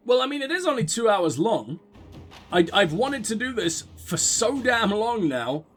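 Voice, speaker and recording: A man's voice: high-pitched, very animated, a little slow, fairly bright tone, faint music behind. A man casually commentating a game he is playing, with crude, sarcastic, profanity-laced banter. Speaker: gaming video host. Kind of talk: casual let's play commentary.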